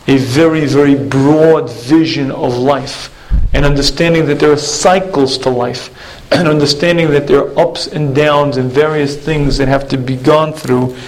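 A male Torah teacher delivering a sermon in a storytelling manner. His voice sits a little high for a man, and he often pauses to clear his throat. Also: rough recording.

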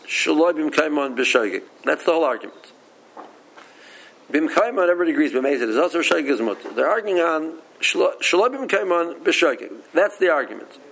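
A male Talmud teacher with a creaky, somewhat high and bright voice gives a study lecture, reasoning aloud in English sprinkled with Aramaic and Hebrew. He restarts sentences and repeats words frequently, and the audio quality is poor.

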